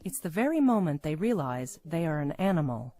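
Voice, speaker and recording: A woman's voice: sits low, sing-song, brisk, warm tone. A woman giving scripted documentary narration.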